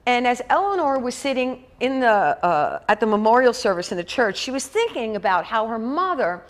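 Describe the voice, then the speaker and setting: A woman minister tells a long story from the pulpit in a loose, conversational way, scattering "you know" through her lines. Her voice sits a little high for a woman. She keeps a lively storytelling pace throughout. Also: moderate pace. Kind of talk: storytelling sermon. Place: church sanctuary.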